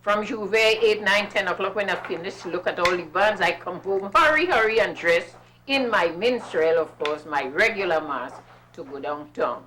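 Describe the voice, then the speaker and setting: An older woman with a Trinidadian accent, a carnival masquerader telling her own story in a lively, emphatic way. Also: lowish voice, moderate pace, poor audio. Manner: lively, emphatic, with bursts of patois. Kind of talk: personal storytelling.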